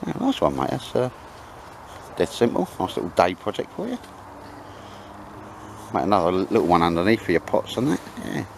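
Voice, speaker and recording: Bloke bantering with his mates in the woods, low voice that jumps around a lot. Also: big pitch swings, brisk, vocal fry, long pauses, slight background noise. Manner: jokey, chatty, calls everyone mate. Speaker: vlog host. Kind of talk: casual banter. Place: outdoors in cold wet woods.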